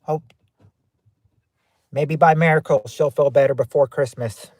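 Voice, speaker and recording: A man hosts a casual game night livestream, talking straight to his viewers. His voice sits a little high for a man and he rambles, starting sentences over and repeating phrases. The sound is dry and close, with no room around it. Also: steady tone, measured pace, darkish tone, dry recording. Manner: rambling, repeats himself with many restarts. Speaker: livestream host. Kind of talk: casual chat reading live chat.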